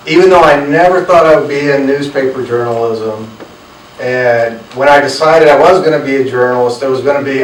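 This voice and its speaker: A man's voice: medium pitch, a little hiss or hum. Storytelling man. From North Carolina. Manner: earnest, anecdotal, acts out quoted dialogue. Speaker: author. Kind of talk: storytelling talk to an audience. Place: room with a live audience. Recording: roomy, from a distant mic.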